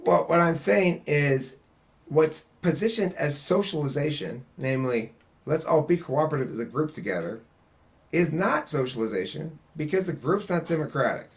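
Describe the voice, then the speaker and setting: A man hosting a casual group discussion, talking bluntly and profanely in an animated, ranting way. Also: a little high, moderate pace. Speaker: host.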